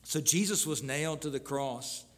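A man preaching a sermon, earnestly reading scripture aloud with pauses and restarts. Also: on the high side, in a large hall. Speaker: pastor.

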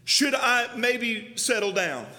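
Fiery high-voiced young preacher. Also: male voice, lively intonation, takes it slowly. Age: young adult. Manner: fiery, shouting preacher with repeated phrases. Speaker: pastor. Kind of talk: sermon. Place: church sanctuary. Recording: long church hall reverb.

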